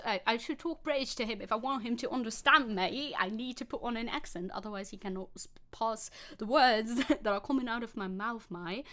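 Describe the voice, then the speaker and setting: A woman's voice: fairly high pitch, a little fast, few pauses, fairly bright tone. A woman VTuber streamer chatting casually with a giggly, sarcastic manner while reacting to a clip.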